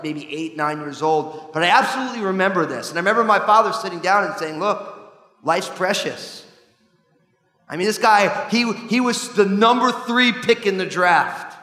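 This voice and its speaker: A man in his forties preaching a sermon as pastor, in an animated, conversational way with asides. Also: on the high side. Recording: echoey hall.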